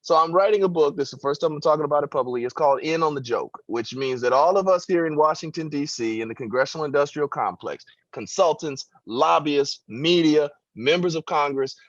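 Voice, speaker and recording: A man's voice: on the high side, expressive, fairly quick, few pauses, no room sound, dull audio. A man giving impassioned political commentary as a radio guest, with emphatic, preacher-like rhetoric.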